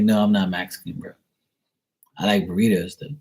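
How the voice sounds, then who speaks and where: A man's voice: on the low side, little pitch movement, moderate pace, long pauses. A man from Bermuda with a Bermudian accent, rambling chattily in a casual vlog as he answers viewer questions. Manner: chatty, digressive, mimics other people's voices in quotes.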